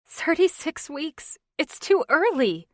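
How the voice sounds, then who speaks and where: A woman reads an audiobook, voicing an emotional young wife who pleads in a raised, wobbly voice pitched above her own. Her delivery sits high, animated and a bit bright at a moderate pace. The recording is dry with clean studio sound.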